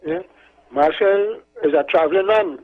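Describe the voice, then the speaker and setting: Husky high-voiced caller on phone. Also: male voice, normal speed, soft background music. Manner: rambling, repeats words, tells anecdotes. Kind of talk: casual call-in chat. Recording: tinny phone line.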